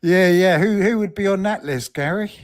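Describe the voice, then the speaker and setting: A man co-hosting a casual podcast, telling stories with deadpan jokes. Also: high-pitched, moderate pace. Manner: storytelling, joking, deadpan. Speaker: podcast co-host.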